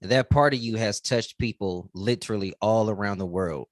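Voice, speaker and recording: Low-voiced male interviewer, dry sound. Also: normal speed, dry recording. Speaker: interviewer, host. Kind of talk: interview questions.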